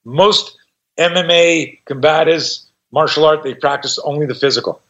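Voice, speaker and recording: A man's voice: a little high, normal speed. A man in his sixties, a self-defense instructor, telling a story in a conversation. He swears freely and acts out the voices of the people in his story. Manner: profane, animated, acts out voices in his stories. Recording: dull lo-fi sound.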